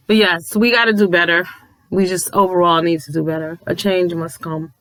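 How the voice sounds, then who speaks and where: A man's voice: high voice, fairly even intonation, moderate pace, a bit bright, low-quality recording. A man ranting to viewers from home late at night, emphatic and preachy, cursing and repeating himself for effect. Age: adult with a child. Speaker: commentary vlogger.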